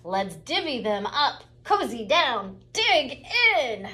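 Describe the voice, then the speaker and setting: Woman reading a cheerful generous badger, storybook; lively, slightly lifted voice. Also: fairly high pitch, slow, exaggerated voice. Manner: cheerful, grinning. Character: friendly male badger, generous.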